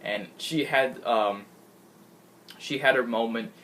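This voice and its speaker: A man giving an excitable, gushing casual recap of a show he watched, laughing often and restarting his sentences. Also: mid-range voice, slow pace, slight background noise. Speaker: wrestling fan recapping a show.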